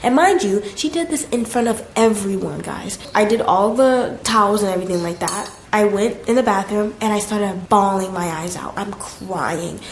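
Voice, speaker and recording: A woman in her twenties tells a storytime story in a chatty, emphatic way, at a middle pitch for a woman. The room sounds echoey, and faint background noise sits under her voice. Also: moderate pace, hardly any pauses. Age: 20s. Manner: chatty, emphatic, lots of "like" fillers. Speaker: vlogger. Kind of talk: casual storytime vlog.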